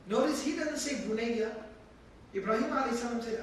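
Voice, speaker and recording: A man's voice: very high voice, brisk. A man teaching a religious lesson, explaining words one at a time, and repeating phrases for emphasis. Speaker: teacher explaining Quran verses. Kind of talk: religious lecture. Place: mosque hall. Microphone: handheld camera from across the room. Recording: echoey hall from far off, faint room noise.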